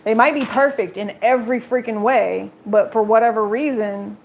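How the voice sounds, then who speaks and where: A fairly high-voiced woman talks her way through a casual tarot reading, frank and chatty, and she curses without much care. Faint noise sits under the recording. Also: normal speed. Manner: candid and blunt, swears freely; chatty, talks straight to viewers. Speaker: tarot reader.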